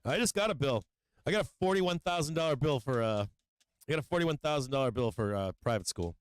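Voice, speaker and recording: A man's voice: medium pitch, lively intonation, fast talker, clean tone, no echo. A middle-aged man hosting a live stock market stream, talking casually and profanely about charts and money, rambling between trade updates. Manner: rambling, profane, breaks into gleeful taunting. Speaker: livestream stock market host.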